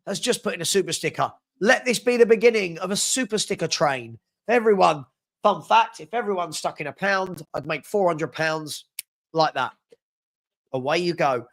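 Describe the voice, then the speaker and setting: A man's voice: sits high, normal speed, a bit bright. A man hosting a casual live-stream fan chat, reading viewer comments in a playful, teasing way while he has a cold. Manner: chatty, playful, teasing, repeats himself.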